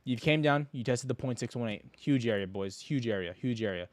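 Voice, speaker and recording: A young man hosting a casual stock trading livestream, rambling and joking in slang, with sudden loud mocking bursts. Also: medium pitch, animated, a little fast, no echo.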